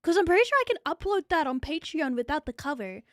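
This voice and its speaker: Excitable New Zealand woman streamer, high bright voice, slightly breathless, dry mic. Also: fast, no echo. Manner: excitable, chatty, swears freely. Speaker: VTuber streamer. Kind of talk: live stream chat.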